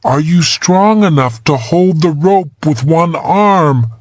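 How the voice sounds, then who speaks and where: A determined young woman who keeps her voice steady and reassuring while she takes charge, as a male reader puts her on. The voice is lifted only moderately above his own, delivered slowly, and the sound is dry. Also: fairly high pitch, dry recording, pitched above the performer's own voice. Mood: urgent. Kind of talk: audiobook character voice.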